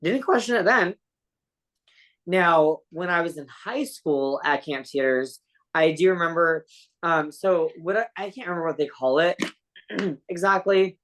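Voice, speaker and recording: A woman with a deep, low-set voice tells her story as a podcast guest. She rambles casually, leaning on "like" and fillers and dropping blunt swear words along the way. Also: unhurried.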